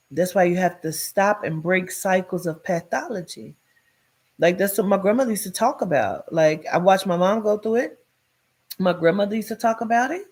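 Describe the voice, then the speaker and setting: A woman telling her own life story in a blunt, profane way, with many "like" fillers, swinging between loud emphasis and hushed tones. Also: medium pitch, breathy edge. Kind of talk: candid personal storytelling.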